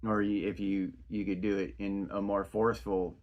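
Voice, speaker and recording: A man's voice: lowish voice, little pitch movement, moderate pace, darkish tone. A middle-aged man hosting his own podcast, talking in a casual, rambling monologue full of restarts. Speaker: podcast host.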